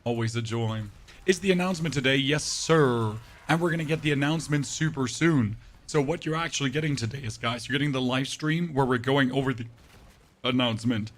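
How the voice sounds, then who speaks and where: A male game streamer chats casually with his live viewers, his voice temporarily deeper and rougher than normal. He banters and reads their messages aloud, tossing in sarcastic asides. His pace is brisk, with slight background noise.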